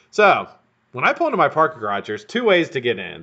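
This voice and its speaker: Man, live stream host, profane rambling storyteller, bright sharp tone, dull lo-fi sound. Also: mid-range voice, wildly swooping pitch, a little fast.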